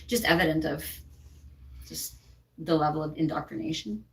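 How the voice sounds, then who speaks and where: A woman's voice: deep voice, moderate pace, fairly bright tone, far from the mic. A woman co-hosting a casual talk stream, telling her story in a heated, emphatic way. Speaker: co-host. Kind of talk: casual chat.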